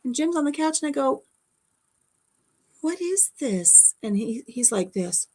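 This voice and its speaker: Brief: middle-aged woman host, lively storyteller, acts out scares, laughs a lot. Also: sits high, fairly quick. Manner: animated storyteller, acts out shrieks and whispers, laughs often. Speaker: channel host. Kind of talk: casual storytelling chat.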